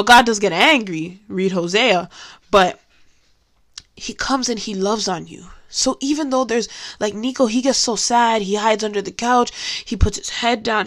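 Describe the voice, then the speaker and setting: A woman's voice: medium pitch, fairly bright tone. A woman leading a casual devotional Bible study, talking candidly and laughing often.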